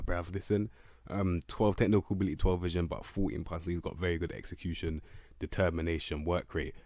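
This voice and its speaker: Young guy ranting about his game, real low voice, dry close sound, lots of slang and swearing. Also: no echo. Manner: excitable, rambling slang, frequent swearing and stumbling restarts. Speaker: gaming video creator. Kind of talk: casual game commentary.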